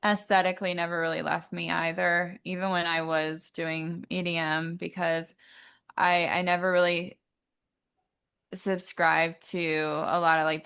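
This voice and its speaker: A woman singer as an interview guest, talking thoughtfully with many pauses and fillers. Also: deep voice, gravelly, fairly bright tone, clean tone. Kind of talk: casual interview chat.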